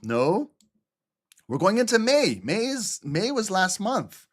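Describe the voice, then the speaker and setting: Man from Albania, lively live-stream trading instructor, slightly higher voice, casual and repetitive. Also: slow pace. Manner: animated, repeats "okay?" and "look", casual swearing. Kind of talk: live screen-share trading lesson.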